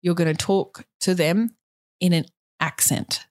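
A woman's voice: fairly low pitch, steady tone, a little slow, a little mellow. A woman co-hosting a comedy podcast, chatting casually and laughing often as she rambles through a silly story. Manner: playful, giggly, rambling storyteller. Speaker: podcast co-host.

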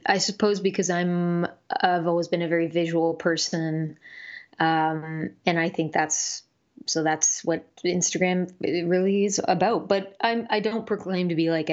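A woman's voice: on the low side, dull audio. A woman musician being interviewed, talking casually and hesitantly with many fillers and restarts. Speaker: musician guest.

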